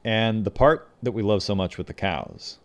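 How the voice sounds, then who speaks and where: Behind-the-scenes film anecdotes fill this casual podcast chat, told by a male co-host who slips into quoted voices. His voice is lowish and expressive, moving at a moderate pace.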